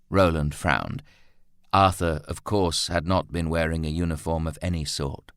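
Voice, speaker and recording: Low-pitched male audiobook narrator, dry and close. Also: moderate pace, vocal fry, fairly bright tone, smooth, no echo. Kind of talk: scripted narration.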